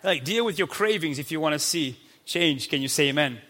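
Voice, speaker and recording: A man in his thirties preaching a lively, playful sermon in a church, acting out quick voices as he goes. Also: a little high. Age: 30s. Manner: energetic, playful, acts out God's voice. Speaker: pastor. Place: church sanctuary. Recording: long hall reverb.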